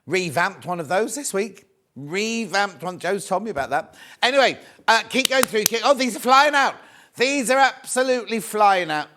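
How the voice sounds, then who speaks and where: A man's voice: sits high, expressive, moderate pace, bright, forceful tone. Chatty British TV shopping presenter, man. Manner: chatty, reads out viewer messages, calls viewers "my love". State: coughing, mild throat trouble. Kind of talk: live TV selling, chatty.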